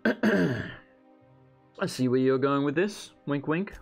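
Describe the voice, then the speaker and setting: A man's voice: on the high side, lively intonation, drawn-out words, gravelly, husky, faint music behind. A man hosting a let's play, sarcastic, profane and joking as he plays. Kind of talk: casual gameplay commentary.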